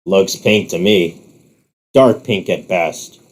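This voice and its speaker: A man's voice: low voice, takes it slowly. A man voicing a smug, unimpressed male rival who talks in a dry, dismissive way.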